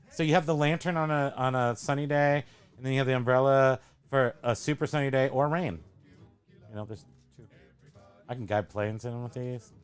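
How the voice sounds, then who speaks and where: A man hosts a loose, casual talk show, rambling through jokes and quick self-corrections. His voice sits at an ordinary middle pitch, with faint music in the background. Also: smooth. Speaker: host. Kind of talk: casual show-and-tell chat.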